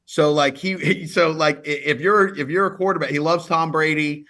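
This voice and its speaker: A man, a lawyer, telling stories in a relaxed interview, chatty and full of repeated words. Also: a little high, moderate pace. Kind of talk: casual interview storytelling.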